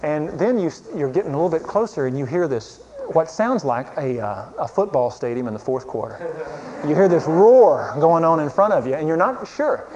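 A man preaching a sermon, telling a lively story and chuckling as he goes. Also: fairly high pitch, moderate pace. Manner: lively storyteller, chuckling through his anecdote. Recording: dull lo-fi recording with faint hiss.

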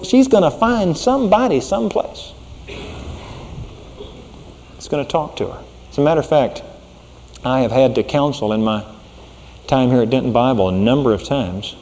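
A middle-aged pastor delivers a sermon in a folksy, conversational way, lowering his mid-range voice to a hush for the serious points. The sound has the feel of a big room.

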